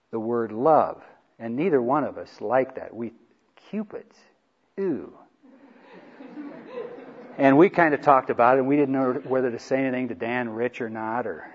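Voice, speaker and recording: A man giving an earnest Bible teaching on marriage to a group, stressing key lines by repeating them. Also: medium pitch. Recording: dull lo-fi recording.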